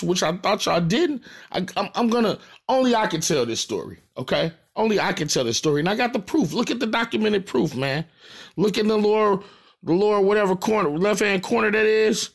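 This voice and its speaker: Animated husky-voiced St. Louis man. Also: sits high. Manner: animated, profane, repeats points for emphasis. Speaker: rapper. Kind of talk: casual direct-to-camera rant.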